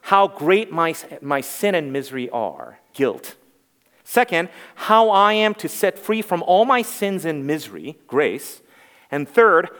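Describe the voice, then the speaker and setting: A man's voice: a little high, fairly bright tone. A man in his forties preaching a sermon as pastor, earnest and emphatic, repeating key phrases. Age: 40s. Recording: reverberant hall.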